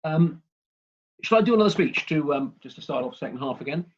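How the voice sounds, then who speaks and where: A man giving a humorous prepared speech over a video call, in a dry, wry, deadpan way. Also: on the high side, brisk, dull audio. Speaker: club speaker.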